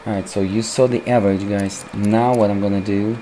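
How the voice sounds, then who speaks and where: A man with a voice worn hoarse from recording, casually commenting over his gameplay as a PC gaming channel host and calling his viewers "guys". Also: fairly low pitch, fairly even intonation, a little fast, mellow, a little hiss or hum, low-quality recording. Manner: keeps calling the viewers "guys", rambling with restarts.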